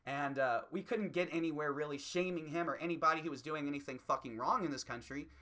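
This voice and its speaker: Sharp-voiced man in a profane comedy rant. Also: fairly high pitch, fast. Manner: profane, heated, ranting. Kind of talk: stand-up rant.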